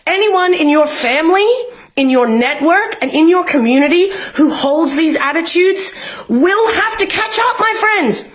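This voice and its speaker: A woman's voice: extremely high pitch, animated, measured pace. A young Australian woman vlogging from home, ranting with passion and swearing often. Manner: fiery, swearing, emotional, rallying. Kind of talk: impassioned political rant to camera. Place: home, in isolation.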